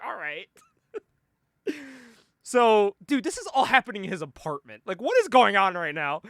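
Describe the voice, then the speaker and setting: Lively, laughing man recapping a comic. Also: high voice, normal speed, dry recording, studio quality. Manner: animated, laughs often, acts out the characters' lines. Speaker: podcast co-host. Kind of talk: casual comic book recap.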